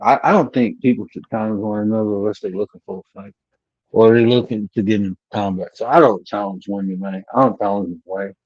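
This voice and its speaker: A man's voice: lowish voice, fairly quick, no echo. Profane, blunt man on a lo-fi stream. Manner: blunt, profane and animated storytelling. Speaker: panelist. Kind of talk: casual live-stream panel talk. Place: home.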